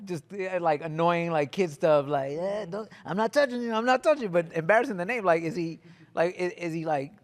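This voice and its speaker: A male comedian co-hosting a podcast, chatting in a relaxed, joking way. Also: sits high, fairly quick. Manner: relaxed, joking, reads fan questions. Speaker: comedian co-host. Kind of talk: podcast chat.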